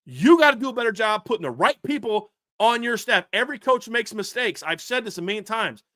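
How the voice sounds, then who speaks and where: A man's voice: high-pitched, expressive, fairly quick, sharp tone, no echo, clean studio sound. Fired-up man ranting about football. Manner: fired up, ranting, repeats himself with restarts. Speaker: sports podcast co-host. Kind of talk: heated sports commentary rant.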